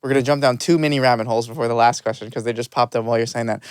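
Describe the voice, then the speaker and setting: A man's voice: medium pitch, steady tone, smooth, no room sound. A young man in his twenties, a medical student hosting a podcast, asking questions eagerly and with enthusiasm. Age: 20s. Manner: eager, enthusiastic, quick to laugh. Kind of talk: casual interview.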